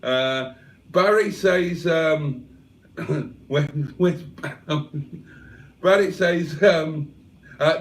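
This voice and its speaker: A man's voice: fairly high pitch, drawn-out words, pauses often, recorded from a distance. A man from England hosting a casual livestream, reading the chat aloud with cheeky banter. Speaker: livestream host.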